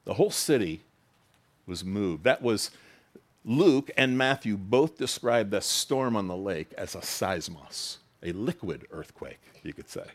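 Man preaching with animated conversational delivery. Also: a little slow. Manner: expressive preaching, voice rising high for quoted lines and dropping low for emphasis; conversational, with asides and laughs. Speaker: pastor. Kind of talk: sermon.

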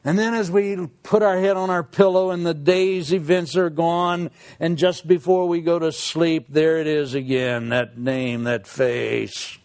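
A man preaching a sermon in a folksy, humorous way, dropping quiet for serious points. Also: fairly high pitch, fairly even intonation, a little slow, few pauses. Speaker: pastor.

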